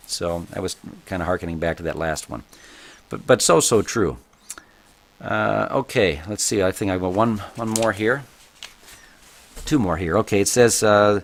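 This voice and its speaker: A man's voice: on the low side, moderate pace, long pauses. A man who teaches martial arts, talking casually on a motivational podcast and reading book passages aloud between his own comments.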